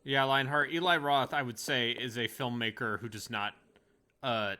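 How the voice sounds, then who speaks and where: A man's voice: medium pitch, fairly even intonation, moderate pace, sharp tone, a little hiss or hum. A man chatting casually on a live stream, with dry sarcastic remarks. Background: game music.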